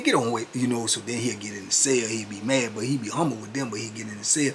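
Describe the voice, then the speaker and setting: A man's voice: mid-range voice, fairly even intonation, quick pace, hardly any pauses, a bit bright, a little hiss or hum. A man in his fifties telling a story in a laid-back, conversational way, full of "you know what I'm saying". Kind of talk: casual storytelling.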